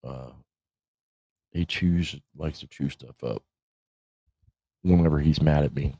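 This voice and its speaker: A man's voice: rumbling low, slow pace, warm tone, breathy edge, no echo. A middle-aged man hosting a casual livestream, rambling, swearing and laughing as he talks. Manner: rambling, profane, laughs often. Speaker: podcast host. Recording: dull lo-fi stream audio.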